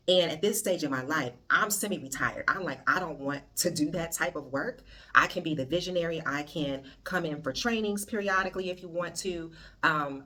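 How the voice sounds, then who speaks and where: A middle-aged woman hosting a podcast, talking in an animated, conversational and slangy way. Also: low voice. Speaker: podcast host. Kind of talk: casual monologue.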